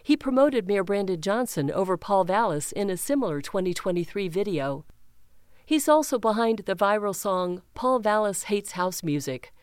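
A woman reading a news article aloud in an even, measured way, raising her pitch slightly when she reads quotes. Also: smooth, no room sound, studio quality. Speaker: news reader.

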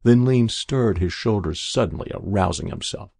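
Deep gravelly male narrator. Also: lively intonation, normal speed, a little mellow, no room sound, studio quality. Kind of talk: scripted narration of a short story.

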